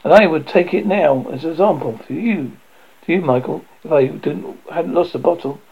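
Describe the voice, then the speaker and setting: A man's voice: fairly high pitch, moderate pace, creaky, breathy edge, highs cut off. A man voicing a pompous, proud father who blusters and sulks in a storybook reading. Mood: blustering. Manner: blustering, huffy.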